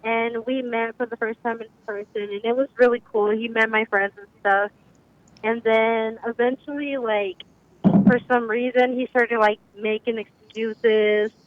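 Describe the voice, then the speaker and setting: A woman's voice: fairly high pitch, fairly even intonation, measured pace. A young woman calling in to a radio show by phone. She rambles casually and fills her speech with "like". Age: young adult. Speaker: caller. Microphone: phone call-in. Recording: lo-fi phone line.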